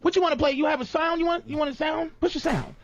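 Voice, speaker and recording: A man's voice: very high-pitched, quick pace, no room sound. A man hosting a radio show who argues in a blunt, cocky, combative way. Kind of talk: heated on-air argument. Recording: dull, dry radio broadcast audio.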